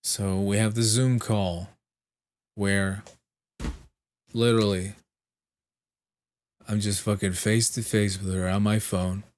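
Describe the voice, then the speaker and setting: A man, sick with a fever and clearing his throat, telling a profane, exasperated story in casual chat and mimicking the people he spoke to. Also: lowish voice, little pitch movement, takes it slowly, long pauses, a little mellow. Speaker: vlogger.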